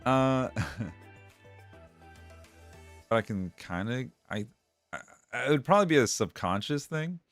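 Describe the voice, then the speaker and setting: A man's voice: medium pitch, sing-song, normal speed, no echo, clean studio sound, soft background music. A man streaming and reacting to chat in a wry, rambling way, laughing often. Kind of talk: casual chat.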